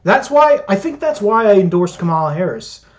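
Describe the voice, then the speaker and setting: High-voiced sarcastic man mocking clips. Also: sing-song, fairly quick, highs cut off. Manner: mocking, sarcastic, heavy swearing. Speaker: commentator reacting to clips. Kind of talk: profane sarcastic commentary.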